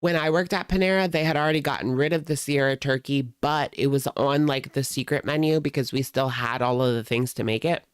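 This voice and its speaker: Sarcastic, exasperated commentary host with a smooth voice. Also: medium pitch, brisk, hardly any pauses, no echo, studio quality. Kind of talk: casual reaction commentary.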